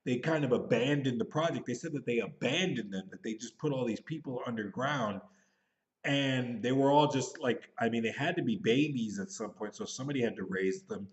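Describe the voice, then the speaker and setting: A man in his thirties talks through a movie review off the cuff, rambling and rushing to fit it in. His voice sits at an ordinary middle pitch. The home recording sounds dull and lo-fi. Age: 30s. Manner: rambling, hurried, thinking aloud. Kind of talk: casual spoken movie review.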